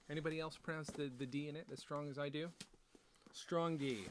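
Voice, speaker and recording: A man's voice: a little high, steady tone, brisk, slight background noise. A man hosting a casual unboxing vlog, rambling with self-deprecating jokes and chatty asides. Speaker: author and video host.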